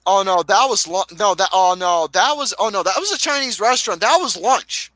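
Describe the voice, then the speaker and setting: A man telling a story in a casual chat, profane and animated. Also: high-pitched, a little fast, no echo, rough recording. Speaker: co-host.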